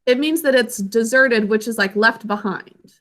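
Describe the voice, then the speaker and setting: A woman's voice: fairly high pitch, normal speed, a bit bright. A woman teaching a children's literacy lesson, patiently sounding out each word syllable by syllable. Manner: patient, sounds out words clearly.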